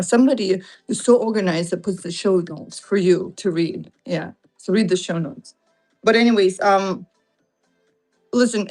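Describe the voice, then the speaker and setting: A woman's voice: medium pitch, darkish tone. A woman hosting a casual livestream Q&A, talking in a chatty, joking way with lots of fillers. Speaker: live-selling host.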